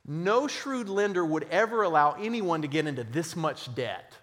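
A man preaching a sermon, emphatic, swinging between loud stressed phrases and quiet, low passages. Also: animated, moderate pace. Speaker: pastor. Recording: long hall reverb.

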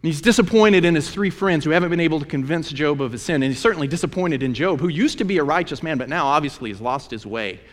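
A man's voice: on the high side, fast, hardly any pauses. A man teaching a sermon on a Bible book, emphatic and conversational, repeating phrases for effect as he retells the story. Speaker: preacher. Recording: long reverb of a large hall.

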